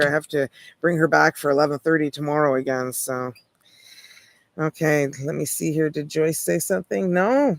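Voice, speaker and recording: A woman's voice: low voice, no room sound. A Canadian woman hosting a casual tarot livestream, chatting in a rambling, easygoing way with lots of "like" and light laughs.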